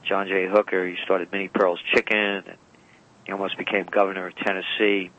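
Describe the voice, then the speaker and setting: A man's voice: sits low, little pitch movement, a little fast, phone-quality sound. A man as a radio guest, telling long rambling anecdotes and often correcting himself. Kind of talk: storytelling interview talk. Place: radio call-in or studio.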